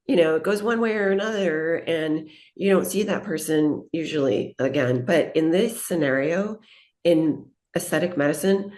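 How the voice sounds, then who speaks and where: Woman nurse on a podcast, low voice, thoughtful heartfelt storytelling. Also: a little mellow. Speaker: guest, aesthetic nurse. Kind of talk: podcast interview.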